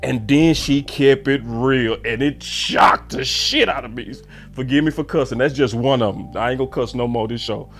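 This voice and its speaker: A man telling a story in a casual, animated way and acting out the voices of the people he quotes. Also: medium pitch, normal speed, few pauses, a little hiss or hum. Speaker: sports show host.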